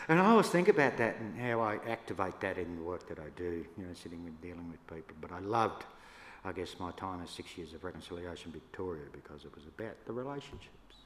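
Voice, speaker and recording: Deep-voiced Australian elder in an echoey hall. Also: male voice, normal speed. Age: older. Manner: relaxed yarning, laughs between stories. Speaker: First Nations elder speaker. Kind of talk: storytelling talk to an audience. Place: church hall. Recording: echoey hall, faint room noise.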